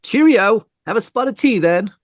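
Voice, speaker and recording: A man voicing a calm, self-absorbed British killer in a casual, chatty manner. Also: medium pitch, measured pace, no room sound, studio quality.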